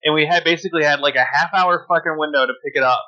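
A middle-aged man with a high, bright, forceful voice tells an angry story on a podcast. He swears freely and talks with heat. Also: steady tone, rapid-fire, highs cut off. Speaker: podcast co-host. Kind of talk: casual chat.

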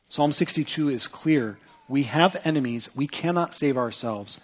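A man preaching a sermon in a church, earnest and emphatic, with pauses for weight. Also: on the high side. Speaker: pastor. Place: church sanctuary.

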